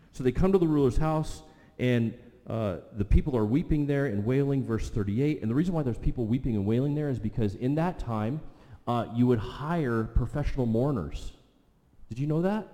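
Man preaching in a reverberant hall. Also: mid-range voice. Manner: expressive preaching, slowing and dropping soft for emphasis. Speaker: pastor. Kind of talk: sermon. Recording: long reverb of a large hall.

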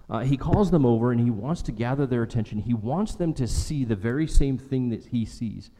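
A man's voice: medium pitch, normal speed, dark tone, in a large hall. A man preaching a sermon as pastor, emphatic, repeating phrases and asking rhetorical questions.

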